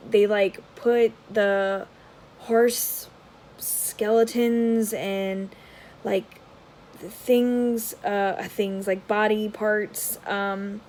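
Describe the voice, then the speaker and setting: A woman vlogger giving casual unboxing commentary, rambling with many filler words and dropping into soft, half-murmured asides. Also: medium pitch, rough recording. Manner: drops to a soft whisper at times. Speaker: tarot vlogger.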